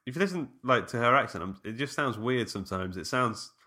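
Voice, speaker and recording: A man's voice: medium pitch, expressive, brisk, sharp tone. A man co-hosting a casual film podcast, rambling with many fillers. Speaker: podcast co-host.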